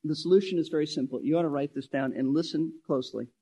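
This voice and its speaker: Guy with a high voice preaching a sermon, punchy, repeats himself for emphasis. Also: quick pace, dark tone, husky. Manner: emphatic, repeats key phrases, shifting pace. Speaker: pastor.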